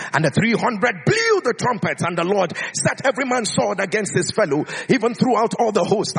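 High, lively preacher in a reverberant hall. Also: male voice, breathy edge. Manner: dramatic, declamatory reading that swings high and low. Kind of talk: sermon with scripture reading.

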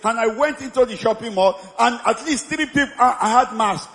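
Male preacher, 50s, high and exuberant, shouts and laughs through the sermon; reverberant church hall, congregation faint behind. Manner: exuberant, often shouting and laughing, drawn-out praise calls. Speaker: pastor. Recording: echoey hall with congregation noise.

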